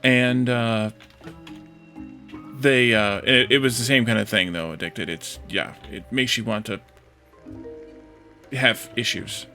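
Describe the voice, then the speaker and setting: A man's voice: medium pitch, slow pace, long pauses, pushed and bright. A man hosts a game stream in an easygoing, chatty way. He talks with friends over a voice chat mic and often restarts mid-sentence. Faint music plays behind him. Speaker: host streamer. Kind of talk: casual voice chat while gaming.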